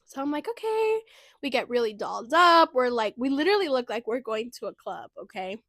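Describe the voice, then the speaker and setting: A woman in her twenties hosting a podcast, telling stories in a chatty, animated way with many fillers. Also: fairly high pitch, fairly quick, no room sound. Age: 20s. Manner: chatty, animated, lots of "like" and "you know". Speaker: podcast host. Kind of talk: casual storytelling chat.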